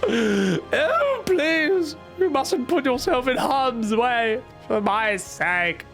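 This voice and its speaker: A fussy, grateful old woman from a fantasy game, put on by a man in a raised, swooping voice. She pleads in a theatrical, quavering way. A faint gravel sits under the put-on pitch. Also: big pitch swings, extremely slow, fairly bright tone, soft background music, exaggerated voice. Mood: pleading. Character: sweet elderly woman, grateful and distraught.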